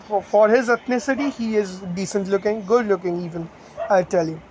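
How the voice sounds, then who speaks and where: A man's voice: high voice, steady tone, fairly quick, noisy background. A man giving blunt, rambling online commentary, crude and opinionated.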